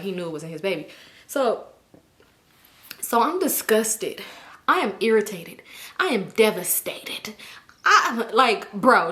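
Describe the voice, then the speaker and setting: A woman telling a personal story to her viewers in a casual vlog, blunt and profane, with a dramatic, animated delivery. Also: mid-range voice. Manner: blunt, profane, emphatic retelling. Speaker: storytime YouTuber.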